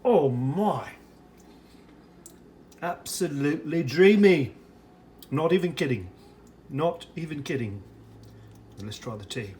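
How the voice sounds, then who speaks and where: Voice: mid-range voice, animated, slow, pauses often, darkish tone, a little hiss or hum. An American reviewer in a put-on British accent, giving a chatty running commentary while preparing and tasting ration food in a casual food vlog. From United States.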